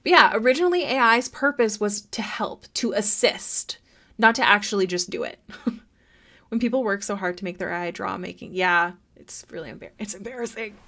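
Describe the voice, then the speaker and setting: A woman's voice: mid-range voice, animated, fairly quick, pushed and bright. A woman streaming live, chatting casually with viewers and reading their messages aloud, with plenty of fillers.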